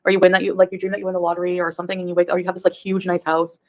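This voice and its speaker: A woman's voice: fairly low pitch, monotone, rapid-fire, darkish tone. A woman in her thirties, a YouTube reaction streamer, chatting casually on a livestream in a rambling way and laughing often. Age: 30s.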